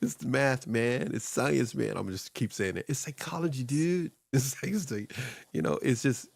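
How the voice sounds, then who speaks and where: A middle-aged man hosting a casual talk show, rambling and animated, laughing often and acting out quotes in other voices. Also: mid-range voice, normal speed, vocal fry, breathy edge, no echo. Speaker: show host.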